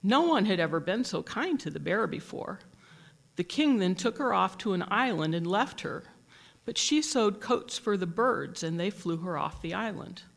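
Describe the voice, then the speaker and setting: A teacher reading a picture book aloud in a gentle, measured storytelling manner. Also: medium pitch, animated, gravelly.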